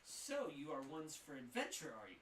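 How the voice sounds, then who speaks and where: A man voicing a lonely, eccentric male village shopkeeper who jokes and talks theatrically in a tabletop game. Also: normal speed. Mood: playful. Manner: high excited voice, joking and theatrical. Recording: echoey room, mic at a distance.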